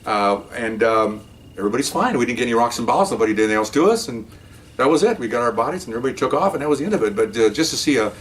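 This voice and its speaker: A man's voice: medium pitch, racing. An older man, a retired police officer telling a story casually and acting out the voices of the people in it. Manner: animated, acts out voices in the story.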